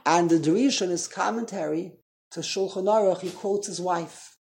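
A man's voice: high voice, moderate pace, gravelly, a little mellow. A man leads an informal Torah class in a conversational tone. He keeps tossing questions to his listeners and corrects himself mid-thought as he explains. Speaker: Torah teacher.

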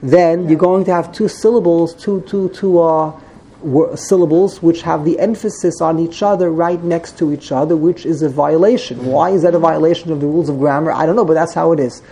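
A man's voice: fairly high pitch, brisk, warm tone, slightly rough, rough recording. A man teaching a Torah text class, explaining Hebrew grammar with frequent repetitions and Hebrew terms. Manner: explains grammar patiently, repeats words, mixes in Hebrew terms.

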